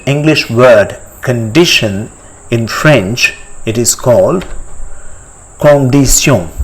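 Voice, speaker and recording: A man teaching a step-by-step language lesson, repeating each word slowly and quizzing the listener. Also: medium pitch, slightly rough, rough recording. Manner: slow, deliberate, repeats each word for practice; asks the listener questions and pauses for answers.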